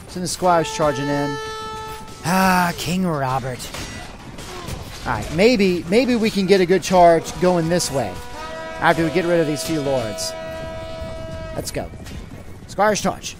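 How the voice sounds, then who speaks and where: A man's voice: fairly high pitch, a little slow, pauses often, over music. A man hosting a let's play, commenting on his game with light roleplay and giving orders to his troops. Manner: animated, excitable, gives orders to troops. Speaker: gaming channel host.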